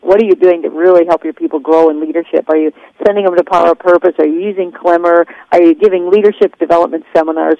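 A woman's voice: lowish voice, dark tone, no echo. Woman firing rhetorical questions on a call. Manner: fires off strings of rhetorical questions. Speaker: network marketing team leader. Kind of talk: coaching conference call. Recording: dull, dry phone-line conference call.

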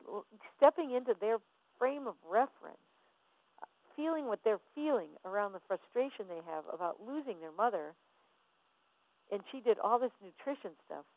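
A woman's voice: on the high side, dry recording. Woman motivational speaker, emphatic, repeats herself for effect; tinny, phone-like, dry sound. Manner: emphatic, repeats phrases, acts out dialogue. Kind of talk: motivational talk.

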